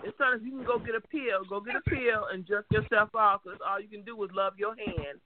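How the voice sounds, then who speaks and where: Give me a defiant man with a very high voice on a tinny phone line. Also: a little fast. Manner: emphatic, defiant. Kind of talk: heated call-in radio chat.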